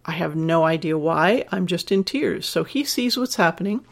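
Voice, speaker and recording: A woman's voice: on the low side, animated, normal speed, gravelly. A woman over fifty, a sex educator and podcast host, talking frankly and candidly to a listener and telling personal stories in a reassuring teaching tone. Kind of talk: podcast advice talk to a listener.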